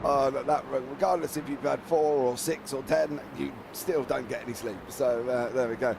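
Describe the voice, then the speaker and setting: A man commentating a live sim race, chatty and jokey, talking quickly over a noisy background. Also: medium pitch, fairly even intonation, vocal fry.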